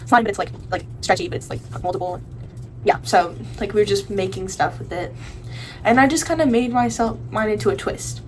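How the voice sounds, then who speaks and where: A woman's voice: medium pitch, fairly quick, low-quality recording. Teen girl ranting about her friends, rambly, tons of likes, bit of background hiss. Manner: rambling, full of likes and restarts. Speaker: vlogger. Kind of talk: casual rant to camera.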